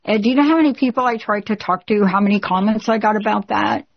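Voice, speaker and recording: A woman's voice: mid-range voice, fast, creaky, muffled recording. A woman hosting a call-in radio show, speaking in a direct, earnest and emphatic way to a caller.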